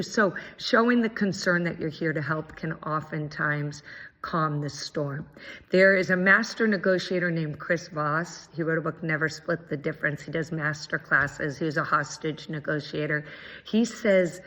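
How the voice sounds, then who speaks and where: A woman's voice: sits low, moderate pace, a bit bright. A woman mediator giving an earnest, encouraging training talk, with frequent ums. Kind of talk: prerecorded presentation. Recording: dull, lo-fi audio with long reverb.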